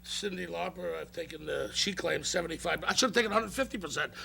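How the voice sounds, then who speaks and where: A man's voice: fairly high pitch, fast, vocal fry, bright, forceful tone, husky. A man bragging and rambling as a guest on a comedic talk show. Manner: brash, boastful, rambling heckling. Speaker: wrestling manager guest.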